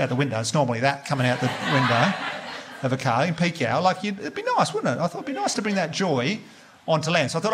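Aussie male stand-up, chatty storyteller, slightly high voice, live club room with noise behind. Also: fairly bright tone. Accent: Australian. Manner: chatty storytelling, teasing the crowd. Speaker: stand-up comedian. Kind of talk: stand-up comedy set. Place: comedy club stage with live audience.

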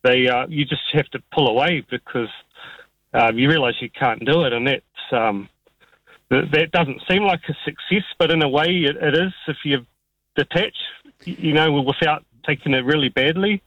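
A man, calling in to talkback radio, speaking in a halting, hesitant way. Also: a little high, a bit bright, no room sound. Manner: halting, hesitant, searching for words. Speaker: caller. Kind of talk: talkback call-in chat. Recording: dull phone line.

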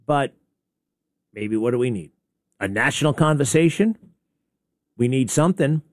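A man's voice: mid-range voice, animated, normal speed, no room sound, clean studio sound. A man hosting a talk show, rambling through a sarcastic opinionated monologue with many asides and restarts. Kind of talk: opinionated monologue playing clips.

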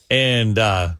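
Bright-voiced male radio host. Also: on the low side, no echo. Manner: animated storyteller, asides to listeners. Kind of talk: comedic radio news banter.

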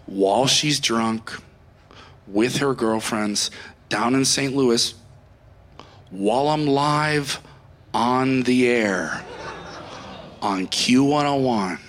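A man's voice: mid-range voice, echoey room. Ranting man doing stand-up comedy. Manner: ranting, shouting, mock-crying.

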